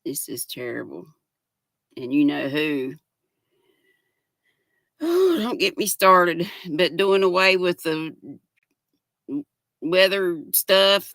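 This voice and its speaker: A woman's voice: lowish voice, vocal fry, fairly bright tone, no room sound. An older woman with a Southern US accent, chatting casually on a livestream, reading out viewer comments and greeting them by name in a folksy way. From United States. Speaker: livestream host. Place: home.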